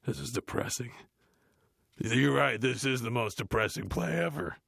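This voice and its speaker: An actor playing a dim, gruff heavy metal frontman, reading a book aloud in a deadpan, grumbling, dismissive way, with a gravelly, growly voice. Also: mid-range voice, normal speed, dry recording, studio quality, full character voice. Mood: bored grumbling. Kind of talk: comedic audiobook reading.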